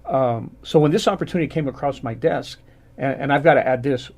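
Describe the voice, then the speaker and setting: A man's voice: medium pitch, brisk, a little mellow. A man in his fifties, a guest on a radio talk show, telling a rambling story with many restarts. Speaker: guest business owner.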